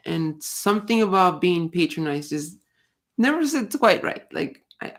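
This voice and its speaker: A woman's voice: mid-range voice, lively intonation, a little slow. A woman hosting a casual livestream, talking bluntly, swearing often and rambling with restarts. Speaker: livestream host. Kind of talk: casual ranting chat.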